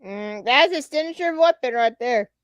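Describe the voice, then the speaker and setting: A woman with a high voice adds lively color commentary to a wrestling match and cheers along. Her voice sounds dull and lo-fi, and the recording is dry. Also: moderate pace, no echo. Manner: enthusiastic, cheering reactions.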